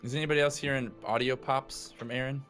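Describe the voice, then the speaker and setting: A man playing a tabletop game over an online voice call, speaking in a hesitant, halting way. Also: medium pitch, steady tone, a bit bright, faint music behind. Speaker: player. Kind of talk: tabletop role-play.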